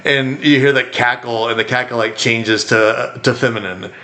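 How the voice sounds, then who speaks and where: Rambling animated male podcast co-host. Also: mid-range voice, normal speed. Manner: rambling, animated, acts out quotes. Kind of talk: casual chat.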